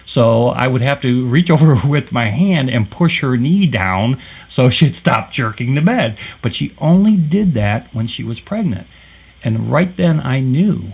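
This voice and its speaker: A man co-hosting a paranormal podcast, telling a personal story in a halting way with many fillers and restarts. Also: mid-range voice, creaky, darkish tone, breathy edge, muffled recording. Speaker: podcast co-host. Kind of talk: casual storytelling.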